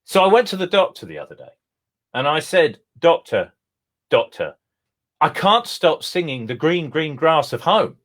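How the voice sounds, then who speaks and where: A man's voice: on the high side, very animated, normal speed, a bit bright. A man appearing as a guest musician on an online show, telling jokes in a dry, playful way.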